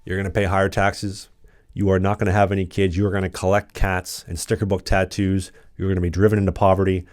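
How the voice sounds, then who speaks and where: Very deep-voiced man ranting bluntly. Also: level tone, quick pace, darkish tone, no room sound, clean studio sound. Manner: blunt, combative, sarcastic, repetitive. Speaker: political commentary channel host. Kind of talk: ranting political monologue.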